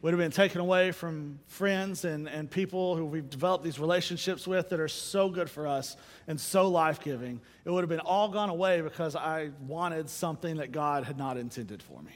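A middle-aged man giving a church sermon, telling a personal story in an animated way and acting out the people he quotes. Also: a little high, moderate pace, in a large hall. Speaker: speaker giving a church message.

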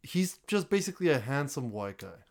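A man's voice: mid-range voice, sing-song, normal speed. A young man in casual chat, laid-back with dry, teasing remarks. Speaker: co-host.

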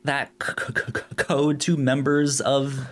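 A man guesting on a podcast, speaking casually with halting, stammered restarts. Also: mid-range voice, little pitch movement.

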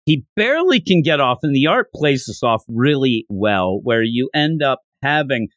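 A man hosting a podcast, recapping a manga chapter in a jokey, animated way. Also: medium pitch, moderate pace, no room sound. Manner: animated, jokey, laughs while retelling. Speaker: podcast host.

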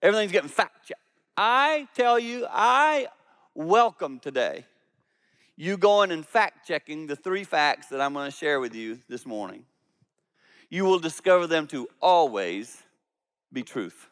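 A man, a lead pastor, preaching a sermon with animated storytelling, jumping between loud emphatic peaks and quiet low asides. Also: measured pace, clear, resonant tone, big-room sound.

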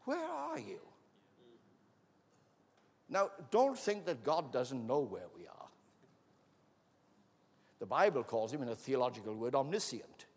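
A man preaching a sermon in an auditorium, telling a story dramatically, acting out the voices and building to shouts. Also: mid-range voice, big pitch swings, moderate pace, long pauses, slightly rough. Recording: long hall reverb.

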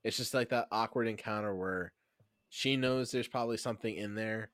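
Male co-host from New Jersey, lower voice, dry mic, teasing recapper. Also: moderate pace, a bit bright, no room sound. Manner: teasing, recaps scenes at length. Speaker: podcast co-host. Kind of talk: casual TV recap chat.

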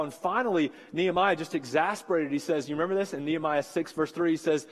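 A man's voice: on the high side, quick pace, few pauses, big-room sound. A man in his forties, a pastor preaching an earnest, encouraging sermon and repeating key phrases for emphasis. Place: church sanctuary.

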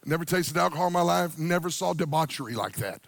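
Gravelly preaching man. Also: a little high, fast talker. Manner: animated preaching, rising to near-shouts and sung phrases. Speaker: pastor. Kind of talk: sermon. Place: church sanctuary with a congregation.

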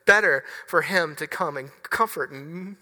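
A male pastor preaching a sermon with a personal story, earnest and halting, often restarting his words. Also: on the high side, bright, forceful tone. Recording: reverberant hall.

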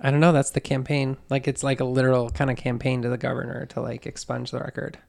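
Male podcast host, gravelly, dry sound, animated casual storyteller. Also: medium pitch, fast, no echo. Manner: retells a story animatedly, acting out quoted voices.

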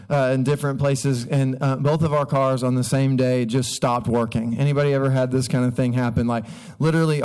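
A man's voice: medium pitch, darkish tone. A man in his thirties, a pastor, giving a casual, humorous sermon to a congregation, chatty and full of asides. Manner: chatty, joking, self-interrupting. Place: church stage before a congregation.

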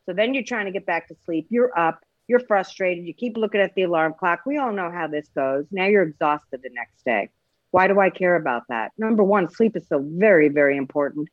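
Animated woman hosting a casual health talk. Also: on the low side, no room sound, dull audio. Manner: animated and joking, acts out voices. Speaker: host, kidney stone prevention practitioner.

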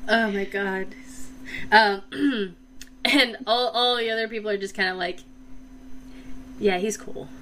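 A woman's voice: mid-range voice, measured pace, a bit bright. A woman narrating a tabletop role-playing game as dungeon master, chatty and laughing often, with many fillers.

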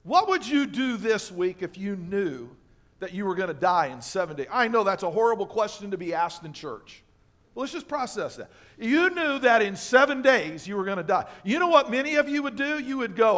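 High-voiced pastor preaching with animated swings. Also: male voice, normal speed. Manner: animated, swings between loud emphasis and quiet asides; asks the congregation rhetorical questions. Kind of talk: sermon. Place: church sanctuary.

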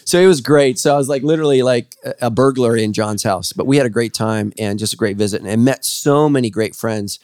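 A man in his forties, a pastor hosting a podcast, telling stories loudly with quick laughs. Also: mid-range voice, dry recording, clean studio sound. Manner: loud, lively storyteller, quick laughs. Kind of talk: casual podcast chat. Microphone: studio podcast microphone.

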